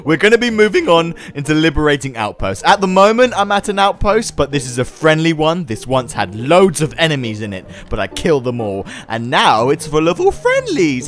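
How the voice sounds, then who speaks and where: A man giving jokey, casual gameplay commentary, yelling and joking at game animals. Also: a little high, wildly swooping pitch, a little fast, few pauses. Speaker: gaming YouTuber.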